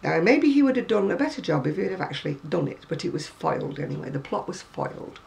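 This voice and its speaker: Chatty British woman with a creaky voice. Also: low voice, sing-song, fast talker, darkish tone, poor audio. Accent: British English. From Britain. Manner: chatty, rambling, wry asides. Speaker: crochet vlogger. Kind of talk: casual chat showing magazines. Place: at home.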